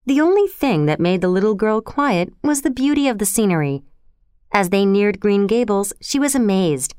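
Smooth-voiced woman narrating a storybook. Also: medium pitch, no room sound, clean studio sound.

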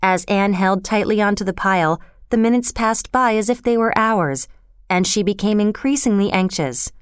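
A woman narrating a storybook in a calm, measured reading voice. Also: medium pitch, clean tone, no echo, clean studio sound.

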